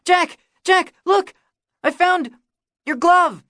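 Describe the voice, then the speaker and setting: A woman voicing an excitable young boy who shouts and pleads breathlessly. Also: very high-pitched, takes it slowly, no echo, studio quality, pitched above the performer's own voice, full character voice. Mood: excited.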